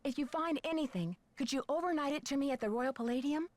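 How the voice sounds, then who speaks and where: A woman's voice: high voice, darkish tone, close to an everyday voice. Nancy Drew, a woman voicing a plucky girl sleuth. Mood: confident. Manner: brisk, confident, wry. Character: plucky young woman detective, sharp-tongued. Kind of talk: video game voice acting.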